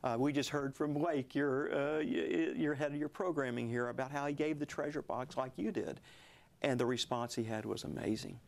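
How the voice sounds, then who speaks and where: A man in his sixties, a guest author telling a personal story in a television interview, earnest and at times dropping to hushed tones. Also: medium pitch, steady tone, normal speed, gravelly.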